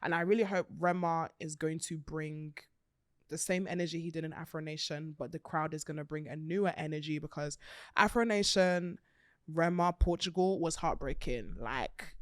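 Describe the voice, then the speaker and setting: A woman hosting a podcast, talking in a chatty, animated way, laughing often and swearing freely. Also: deep voice, moderate pace, no room sound, studio quality. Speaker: podcast host. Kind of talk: casual chat.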